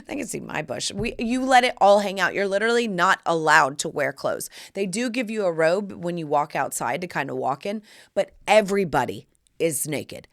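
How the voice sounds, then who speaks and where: A woman's voice: fairly low pitch, fairly quick. A middle-aged woman hosting a podcast, telling stories in brassy, playful casual chat. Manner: animated, brassy storytelling with playful asides. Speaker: podcast host.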